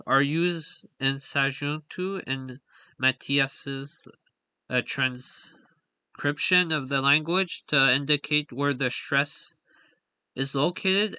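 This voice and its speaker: A man's voice: fairly high pitch, sharp tone, smooth, no room sound. A young man giving a slide-based linguistics lesson, talking in a hesitant way with frequent fillers and self-corrections. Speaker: linguistics explainer. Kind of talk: slide lecture voice-over.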